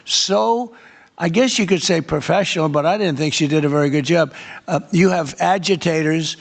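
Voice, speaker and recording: An older man holds forth at a press gaggle, his voice sitting a touch high. He rambles and repeats himself, leaning hard on key words. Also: normal speed, vocal fry. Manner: rambling, repetitive, emphatic. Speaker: head of state answering press questions.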